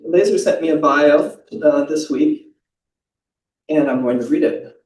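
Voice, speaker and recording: A man's voice: on the high side, measured pace, a little mellow, a little hiss or hum. A man presenting a translation prize, chatting informally and reading a passage aloud. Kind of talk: ceremony speech with a read-aloud excerpt. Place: library event hall. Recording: roomy, distant mic.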